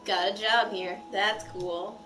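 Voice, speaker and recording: A woman's voice: mid-range voice, fairly even intonation, takes it slowly, bright, forceful tone. A woman playing a game alongside her sister, joking and reading character lines. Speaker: co-player, sister. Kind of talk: casual game playthrough. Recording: roomy, distant mic with game music.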